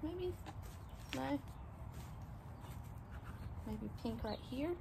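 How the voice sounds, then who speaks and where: A woman's voice: high voice, lively intonation, drawn-out words, creaky, background noise. A woman chatting casually in a home vlog, sentimental and rambling, often trailing off and starting over. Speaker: home vlogger. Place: at home, indoors and out in the yard.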